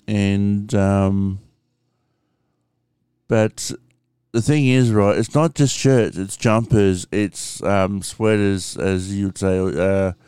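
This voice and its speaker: A man with an Australian accent rambles through a casual home vlog at an unhurried pace, stopping often for ums and dropping in casual swearing. His somewhat low voice comes through very clear and crisp, with a dry, close sound. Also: a little mellow, no room sound. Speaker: vlogger. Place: room at home with window open.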